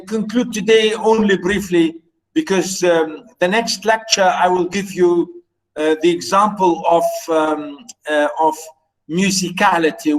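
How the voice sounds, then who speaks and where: A man lectures on poetry in a raised, fairly high voice. He takes his time and moves slowly through each idea. He pauses often on fillers and repeats phrases while he works out what he means. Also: low-quality recording. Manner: earnest, repeats and rephrases lines of verse; hesitant, many fillers and restarts. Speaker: literature lecturer. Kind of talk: university literature lecture.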